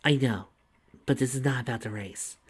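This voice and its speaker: A man reading the lines of a cheerful, devoted young heroine in an earnest, gentle way. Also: mid-range voice, moderate pace, breathy edge, natural voice.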